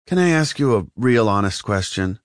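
A man's voice: very animated, moderate pace, no room sound, studio quality. A man voicing a nervous young male recruit who stammers when flustered, in an audiobook. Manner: stammering, flustered, rising pitch. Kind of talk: audiobook character voice.

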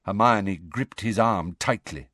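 A man narrating a storybook, expressive and varied, doing character voices. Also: fairly low pitch, slow, no echo, clean studio sound. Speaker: audiobook narrator.

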